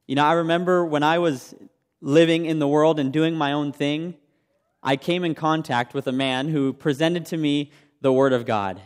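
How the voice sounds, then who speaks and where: Smooth and somewhat high, this young male preacher shares his testimony in a chatty sermon, putting questions to those gathered. The sound carries a long, hall-like reverb.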